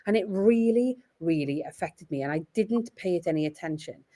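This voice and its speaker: Welsh mum in her 40s-ish talking earnestly on a podcast, lowish voice, tells stories with feeling. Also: normal speed. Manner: earnest, reflective, expressive storytelling. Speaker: podcast guest, parent. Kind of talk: casual podcast conversation.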